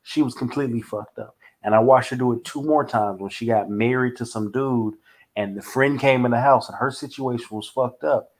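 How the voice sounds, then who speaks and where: A man's voice: medium pitch, moderate pace. Blunt, profane man telling stories. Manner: blunt and profane, acts out quoted voices. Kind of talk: casual chat, storytelling.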